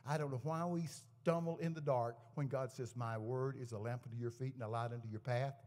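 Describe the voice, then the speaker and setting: Man, guest preacher, storytelling sermon, lively quoted dialogue, echoey church hall. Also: medium pitch, a little fast. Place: church service to a live congregation.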